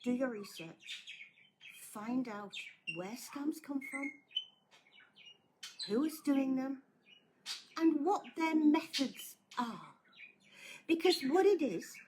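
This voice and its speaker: A woman's voice: high-pitched, background noise. A woman speaking bluntly and earnestly to viewers as a scam awareness advocate, pleading with them to think. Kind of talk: casual warning talk to viewers.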